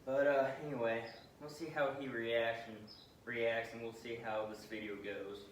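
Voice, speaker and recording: A man's voice: mid-range voice, level tone, normal speed. A young man, a dog trainer, talking casually through a vlog while coaxing a puppy with repeated calls, recorded outdoors on a camera mic. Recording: echoey and distant, with noisy outdoor ambience.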